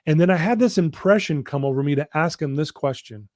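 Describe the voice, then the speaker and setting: A man's voice: fairly high pitch, expressive, darkish tone, no echo, studio quality. A man, a personal-development coach, telling a story as a guest in a live interview, leaning hard on key lines. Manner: earnest, drawn-out emphasis on key lines.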